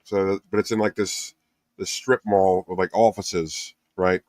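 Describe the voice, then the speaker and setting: A man's voice: low-pitched, little pitch movement, a little slow, darkish tone, dry recording. A man co-hosting a casual podcast, rambling with many restarts and chuckles. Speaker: podcast co-host. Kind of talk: casual chat.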